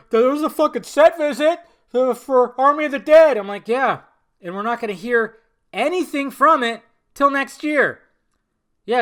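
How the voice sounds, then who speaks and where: A young man hosting a casual solo podcast, swearing freely and swinging between low mumbled asides and loud, exasperated outbursts. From Southern California. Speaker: podcast host.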